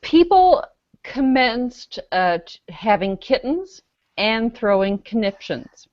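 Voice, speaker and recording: A woman's voice: a little high, sing-song, slow, darkish tone, dry recording. A woman on a casual web panel show, presenting a news story with dry sarcasm as she reads comments aloud. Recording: dry, dull lo-fi video call audio.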